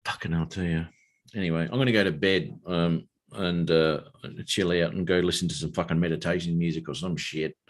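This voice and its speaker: A man's voice: deep voice, steady tone, a little fast. An Australian man chatting casually on a live stream, swearing freely and rambling. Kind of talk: casual chat and joke telling.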